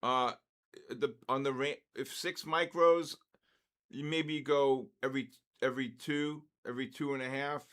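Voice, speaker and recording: An older man in his sixties talks casually on a live trading stream. His pitch sits in an ordinary middle range. He drifts between friendly anecdotes and quick market calls. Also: steady tone, fairly bright tone. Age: 60s. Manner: loose, chatty, jumps between storytelling and market calls.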